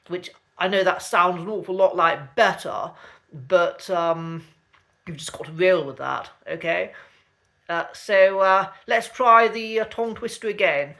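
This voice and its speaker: A man with a conservative received pronunciation accent, teaching in a chatty, genteel way with frequent ums and careful, slow recitation. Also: high voice, pushed and bright. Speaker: accent coach. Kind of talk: casual online lesson.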